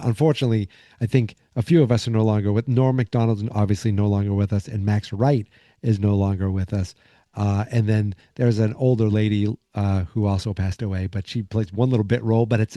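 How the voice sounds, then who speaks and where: A podcast host with a fairly low, dark voice casually recaps a sitcom episode, wandering off on tangents and performing pieces of the dialogue. The studio-quality audio has no echo.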